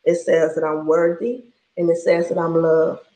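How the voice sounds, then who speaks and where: A woman's voice: lowish voice, steady tone, moderate pace, dark tone. A woman in her thirties giving a passionate, preacherly faith-based talk, laughing often as she speaks. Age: 30s. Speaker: speaker sharing her story. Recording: roomy echo.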